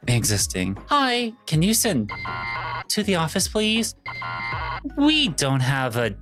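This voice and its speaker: A woman's voice: sits low, wildly swooping pitch, slow pace, music in the background. A young adult woman from Missouri, a VTuber streamer rambling playfully through casual commentary on memes. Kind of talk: casual meme-reaction commentary.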